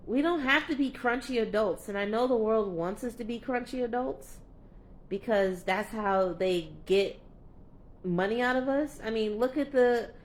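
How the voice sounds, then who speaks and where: A woman's voice: on the high side, normal speed. A young adult woman coach speaking candidly in a vlog, earnest and heartfelt, rambling with many fillers and restarts. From California. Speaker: play and movement coach.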